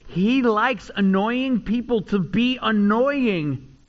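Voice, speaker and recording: Pastor, male, highish voice, animated preaching, muffled lo-fi recording. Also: slow. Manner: animated preaching, rising loud on acted cries, dropping low and quiet for asides. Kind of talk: sermon.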